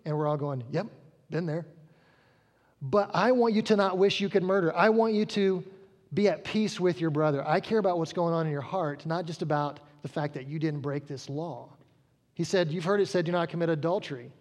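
A man's voice: a little high, brisk, a little mellow, in a large hall. A man preaching a sermon, telling a story conversationally and acting out the quotes.

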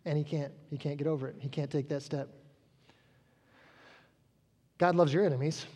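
A man with a high voice preaches in a conversational storytelling way, slipping into the voices of the people he quotes. His words trail off into a long reverb, as in a large church hall. The delivery is casual. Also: fairly even intonation, fast, a little mellow, husky. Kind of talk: sermon.

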